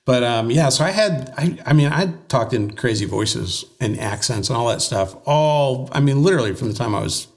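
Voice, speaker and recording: An American man with a medium voice tells animated stories in an easygoing conversation. He loops back and restarts often, with plenty of fillers. He sounds like a working voice-over artist chatting about his craft. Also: medium pitch, moderate pace, hardly any pauses. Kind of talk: casual interview chat.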